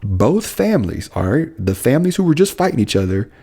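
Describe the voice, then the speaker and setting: Gravelly-voiced cop telling a story. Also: male voice, mid-range voice, fairly quick. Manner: animated storyteller, acts out quotes. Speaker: police officer, podcast co-host. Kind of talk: casual podcast storytelling.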